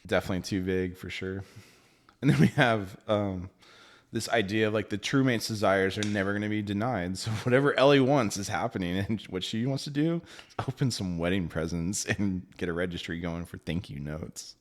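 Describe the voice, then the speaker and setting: A man casually reviewing a book, animated and laughing often, with the odd swear word. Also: fairly low pitch, fairly quick.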